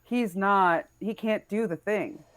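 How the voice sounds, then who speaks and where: A woman playing a tabletop role-playing game, chatting casually, asking questions and restarting her sentences. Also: medium pitch. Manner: questioning, talks in quick restarts. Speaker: player. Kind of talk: casual play chat.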